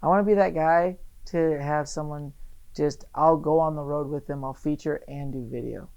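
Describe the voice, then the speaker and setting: A young adult male comedian chatting casually on a podcast, dry and deadpan with sarcastic asides. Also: a little high, moderate pace, gravelly, poor audio.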